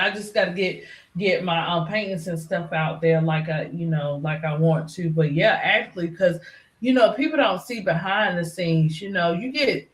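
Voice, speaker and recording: A middle-aged woman chatting casually as a live-stream panelist, rambling with lots of "you know" fillers. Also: fairly low pitch. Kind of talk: casual chat. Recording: echoey room.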